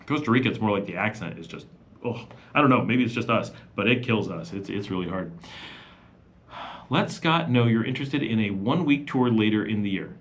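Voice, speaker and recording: A man's voice: on the low side, lively intonation, brisk, dull audio. A middle-aged man chatting casually on a live Q&A stream, rambling with many fillers and restarts. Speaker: vlogger hosting a live Q&A.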